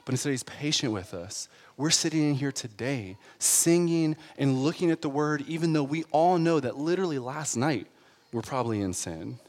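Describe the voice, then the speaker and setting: A man preaching a sermon, animated and laughing often, checking in with the congregation as he goes. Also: on the high side, normal speed. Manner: animated, laughs often, asks the crowd "right?". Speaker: pastor. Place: church sanctuary. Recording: long hall reverb.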